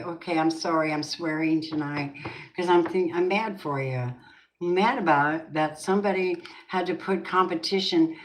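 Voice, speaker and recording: A woman's voice: sits low, slight background noise, low-quality recording. A woman reading tarot cards for her viewers in a casual, emphatic way, talking to them directly and swearing now and then. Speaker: tarot reader.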